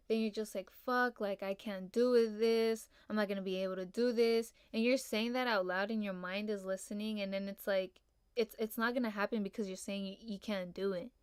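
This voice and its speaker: A woman's voice: medium pitch, smooth, no echo, clean studio sound. Laid-back young woman rambling on a podcast. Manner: laid-back, rambling, heavy on fillers and cussing. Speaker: podcast host. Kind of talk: casual solo podcast chat.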